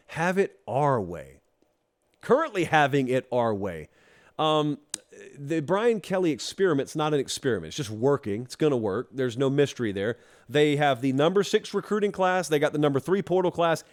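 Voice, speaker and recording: Man hosting a football talk monologue. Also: mid-range voice. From Georgia. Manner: animated, teasing, talks straight to the fans. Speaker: college football show host. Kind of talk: casual opinion monologue.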